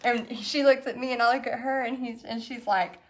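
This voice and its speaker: This middle-aged painting instructor speaks fairly quickly in a fairly high, steady voice while leading her online paint party. Her talk is easygoing chatter over the painting, a story peppered with frequent laughter.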